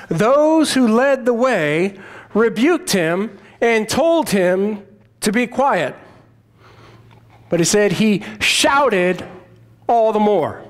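High-voiced man preaching a conversational sermon. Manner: storytelling, conversational, retells scripture in quoted voices. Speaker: pastor.

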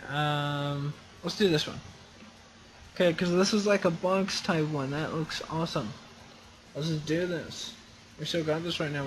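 A man commentating his own racing game, chatty and self-encouraging, bursting into loud excited exclamations. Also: on the high side, a little hiss or hum, rough recording. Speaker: gaming channel host.

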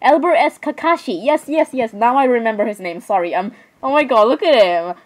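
A young woman chatting excitedly as she comments on her own gameplay, often saying sorry and literally. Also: a little high, brisk, rough recording. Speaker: gamer.

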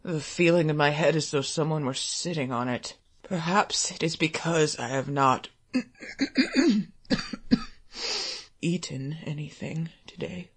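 A feverish, hungry middle-aged man mutters low and quiet to himself, as a reader puts him on for an audiobook story. The voice sits well below the reader's own, slow and gravelly, with a husky edge. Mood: weary muttering. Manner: low, muttering, self-reproaching. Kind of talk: audiobook reading of a short story.

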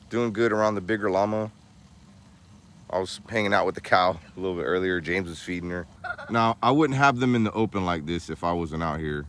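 A young man vlogging casually around his farm and new house, chatting, laughing often and using high baby talk with the animals. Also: slight background noise. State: soaked from rain. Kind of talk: casual vlog narration. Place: outdoors on a farm, and a house under construction.

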